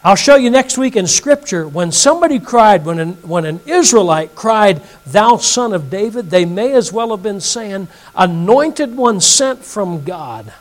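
A man's voice: high-pitched, sing-song, unhurried, few pauses, low-quality recording. A male pastor teaching an evening Bible lesson, reading scripture aloud and putting questions to his audience.

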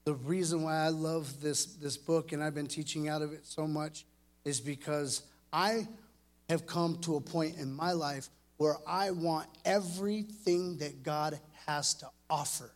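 Earnest, fairly high-voiced male preacher. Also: measured pace. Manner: earnest and animated, speaking directly to the kids. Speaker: youth preacher. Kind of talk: sermon to young people.

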